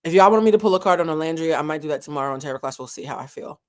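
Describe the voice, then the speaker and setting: A woman with a low-pitched voice comments on a reality show, candid and emotional. She uses dramatic pauses and is moved at moments.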